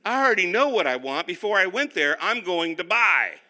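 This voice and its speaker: This is a decisive, sure-minded wife, put on by a man. The voice goes well above his usual pitch in a breezy, mocking lilt, and the tone is very bright. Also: very animated, brisk, exaggerated voice. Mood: certain. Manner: high, breezy mimicking voice. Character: decisive wife who knows what she wants.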